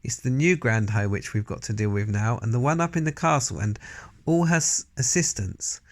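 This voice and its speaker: A man voicing a bold, excitable elderly grandmother in a storybook read-aloud, exclaiming emphatically. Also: mid-range voice, normal speed, lightly acted. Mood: excited.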